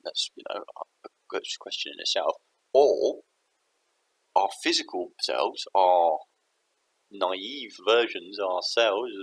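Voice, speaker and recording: Rambling low-voiced man. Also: fairly bright tone, breathy edge, poor audio. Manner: rambling, self-interrupting, musing. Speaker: vlogger. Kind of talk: casual thinking aloud to camera.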